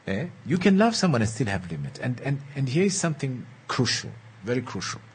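A relationship speaker gives an earnest motivational talk in a medium-pitched, very animated, slightly rough voice. Slow and emphatic, he coaxes his listeners, repeats key lines, and checks in with them.

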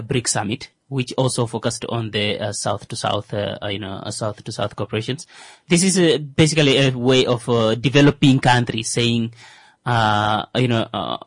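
Man talking on a podcast, lots of uh and you know, medium pitch, dry close sound. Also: no echo. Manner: hesitant, many fillers and restarts. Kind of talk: casual discussion.

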